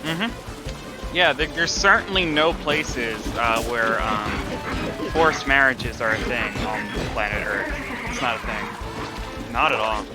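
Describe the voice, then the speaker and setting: A man's voice: medium pitch, animated, slow pace. A man doing casual live commentary on a speedrun, with wry, sarcastic banter. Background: game music.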